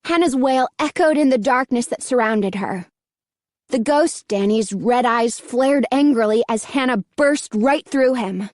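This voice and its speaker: A woman narrating an audiobook in a slow, measured reading. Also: on the high side, a little mellow, dry recording, clean studio sound. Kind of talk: scripted narration.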